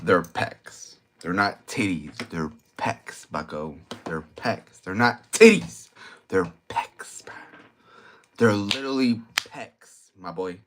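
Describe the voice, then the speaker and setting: A tipsy young vlogger drinks and rants late at night, his low voice slow and drawling over a noisy background. The monologue rambles crudely and slangily, argumentative and repetitive.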